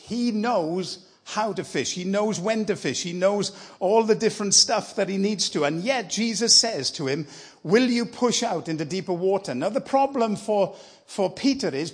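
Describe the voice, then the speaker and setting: A man's voice: high-pitched, breathy edge. A man preaching as a guest speaker in church, telling a story in a conversational, encouraging way. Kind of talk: sermon.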